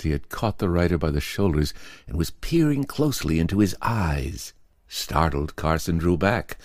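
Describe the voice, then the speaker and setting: A man with a very deep voice reads a horror story aloud, measured and expressive. His delivery moves through a lively range of pitch. The recording is close and dry, with no room sound. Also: no echo. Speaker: narrator. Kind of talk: scripted horror story narration.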